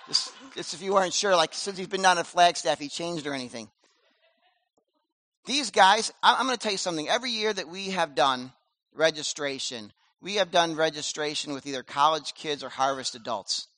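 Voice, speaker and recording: A man preaching a sermon as pastor, animated and conversational, with casual slang. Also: fairly high pitch, a little fast, no echo.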